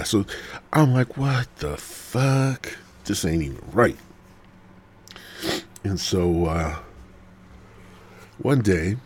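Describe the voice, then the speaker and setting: A man's voice: deep voice, fairly bright tone, slight background noise. A man hosting a podcast, telling a rambling, profane story full of fillers and dropping into whispers. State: smoking while talking, coughing. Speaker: podcast host. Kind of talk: casual storytelling monologue.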